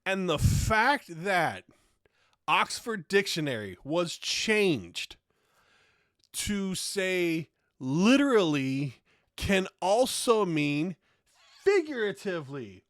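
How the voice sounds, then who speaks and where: A man's voice: high-pitched, big pitch swings, slow pace, fairly bright tone, no echo, studio quality. A man hosting a podcast, delivering a profane comedic rant with heavy swearing and exasperated outbursts. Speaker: podcast host.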